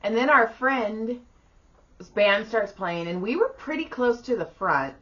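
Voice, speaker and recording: Bright-voiced woman telling a wild story. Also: a little high, measured pace, muffled recording. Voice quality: bright voice, animated storytelling with acted-out quotes. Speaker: podcast co-host. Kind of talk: casual storytelling chat.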